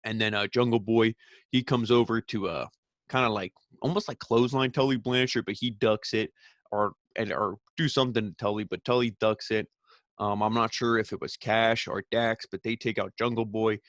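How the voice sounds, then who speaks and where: Rambling, low-voiced man recapping a show. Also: steady tone, normal speed, fairly bright tone, no room sound. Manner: rambling, opinionated, frequent fillers. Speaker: wrestling show reviewer.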